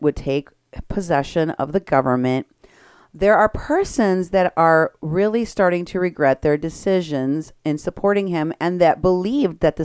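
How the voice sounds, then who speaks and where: Sarcastic lady host ranting on her show, low smooth voice, dry close sound. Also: darkish tone, no room sound. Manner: brisk, sarcastic, laughs at her targets. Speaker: political commentary show host. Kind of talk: opinionated commentary.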